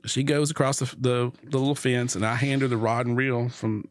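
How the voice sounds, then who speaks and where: A man's voice: mid-range voice, a little fast, no echo. A middle-aged man telling a long story in a casual conversation, acting out the voices of the people in it. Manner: animated storyteller, acts out quotes. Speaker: podcast guest.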